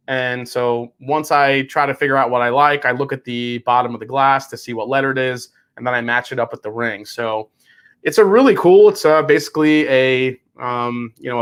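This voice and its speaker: A man's voice: mid-range voice, moderate pace, a bit bright, clean tone. A young adult man hosting a live whiskey stream, chatting casually, groaning and cussing at what he tastes. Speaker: whiskey livestream host.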